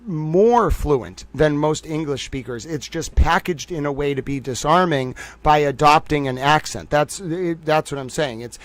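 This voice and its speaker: Boston guy ranting on his stream, kinda high voice, rambles and restarts a lot, dead dry sound. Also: dry recording. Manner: rapid, digressive, with frequent fillers and restarts. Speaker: commentary livestream host. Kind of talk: casual analytical commentary.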